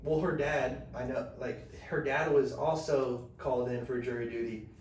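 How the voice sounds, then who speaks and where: A man's voice: medium pitch, fairly even intonation, normal speed, darkish tone. A young man on a podcast, telling a long rambling story in casual slang and acting out quotes. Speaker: podcast host. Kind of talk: casual chat. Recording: echoey room, mic at a distance, faint noise.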